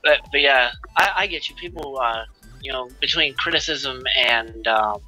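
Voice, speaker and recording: A man's voice: mid-range voice, moderate pace, music in the background, rough recording. A man in a casual chat about gaming who speaks frankly, with hesitant fillers.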